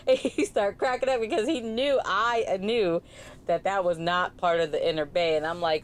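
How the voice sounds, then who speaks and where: Low-voiced Bay Area woman telling stories. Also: fairly quick. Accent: Bay Area Californian. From San Francisco Bay Area. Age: 30s. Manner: animated, slangy, acts out other people's lines. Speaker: podcast co-host. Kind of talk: casual storytelling chat.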